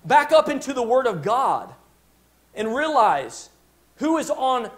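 A man's voice: very high-pitched, big pitch swings, slow. A man preaching a sermon as pastor, emphatic, stopping to restart phrases and asking his congregation "Amen?".

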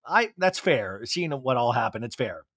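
A man's voice: medium pitch, very animated, moderate pace, fairly bright tone, dry recording, clean studio sound. A young adult man hosting a podcast, recapping TV with chatty, sarcastic asides. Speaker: podcast host. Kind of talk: comedic TV recap.

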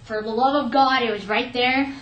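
Young woman, lively storyteller, higher voice, recorded in a roomy space. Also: moderate pace, distant mic, lo-fi sound, a little hiss or hum. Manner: lively, animated retelling with quoted asides. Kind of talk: personal storytelling. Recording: echoey room, faint ambience.

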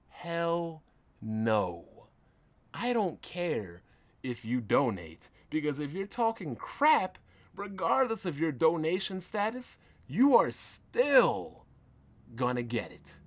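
A man hosting a podcast, delivering a confrontational, indignant monologue with emphatic swings in loudness. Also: on the high side. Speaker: podcast host. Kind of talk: ranting monologue.

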